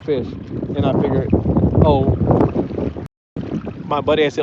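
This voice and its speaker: A man's voice: on the high side, level tone, moderate pace, pauses often, lo-fi sound, very noisy. A man live-streaming from a small fishing boat, chatting casually and rambling through stories, often correcting himself. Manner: rambling, self-correcting storyteller.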